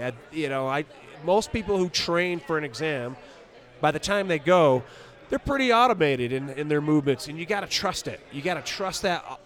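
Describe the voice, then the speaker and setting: A man who coaches skiing, talking practically and encouragingly in an outdoor interview. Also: fairly high pitch. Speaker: ski coach and exam selector.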